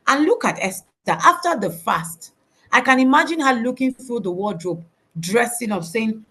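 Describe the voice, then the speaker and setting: A woman's voice: mid-range voice, expressive, moderate pace, a bit bright, slightly rough. A woman giving a faith-based motivational talk over a video call, emphatic and preacherly, repeating her key words. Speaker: motivational speaker.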